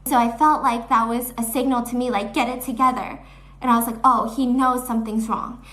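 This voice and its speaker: A woman's voice: on the high side, steady tone, fairly quick, fairly bright tone. A woman telling a personal story in an earnest, shaken, self-questioning way. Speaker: storyteller vlogger.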